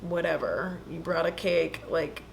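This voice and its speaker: A woman's voice: fairly low pitch, measured pace, creaky, slight background noise, poor audio. A woman voicing a snooty rich middle-aged mother with a condescending drawl.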